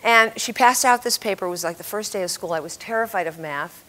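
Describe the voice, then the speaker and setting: A lively woman in her seventies gives a storytelling talk about writing, acting out the people in her tales and laughing at her own stories. She speaks briskly in a mid-range voice.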